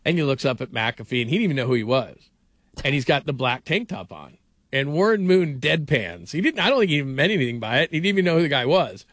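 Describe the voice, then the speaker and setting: A man's voice: mid-range voice, fast, dry recording, clean studio sound. A middle-aged man hosting a sports radio show, telling rambling stories in casual talk with lots of fillers. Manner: rambling storyteller, animated, frequent fillers.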